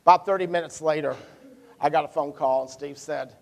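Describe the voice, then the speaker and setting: A man's voice: fairly high pitch, steady tone, brisk, vocal fry. A man with a Midwestern American accent, a pastor preaching a sermon and telling a personal story in a folksy, self-deprecating way. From United States. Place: church service.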